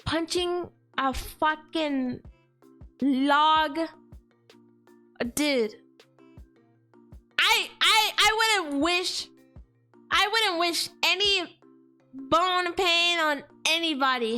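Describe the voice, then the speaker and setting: Woman streamer, very high and bright voice, slow slangy exclaiming chat, faint music behind. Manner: slangy and exclaiming, heavy on "like" and "dude".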